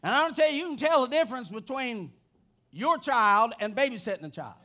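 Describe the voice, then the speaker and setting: High-pitched man preaching with passion. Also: lively intonation, fairly quick. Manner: impassioned preaching that rises to shouting. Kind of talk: sermon.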